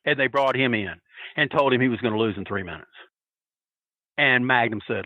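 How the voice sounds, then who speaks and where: A man's voice: mid-range voice, moderate pace, no echo. Man telling stories over a phone line. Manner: animated, acts out quoted voices. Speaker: podcast guest. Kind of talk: casual storytelling. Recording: tinny phone-line audio.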